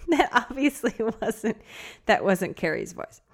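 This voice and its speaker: A woman's voice: a little high, very animated, takes it slowly. A woman hosting a podcast who chats casually, laughs often mid-sentence and reads listener emails aloud. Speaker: podcast host.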